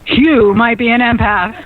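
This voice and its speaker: A woman hosting a radio show, chatty and excitable, quick to laugh. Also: fairly high pitch. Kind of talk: lively casual radio chat. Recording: phone-like narrow band radio sound.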